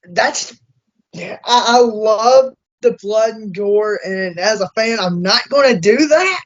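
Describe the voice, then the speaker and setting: A man hosting an interview, chatting casually and excitably with plenty of swearing. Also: sits high. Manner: excitable, profane, fast bursts. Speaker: interview host. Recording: dull lo-fi sound.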